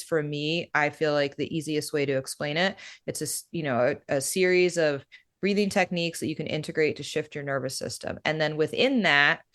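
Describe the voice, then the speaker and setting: A breathwork facilitator explains her practice in a relaxed, casual manner, peppering her speech with "you know" and "right?". Her voice sits low.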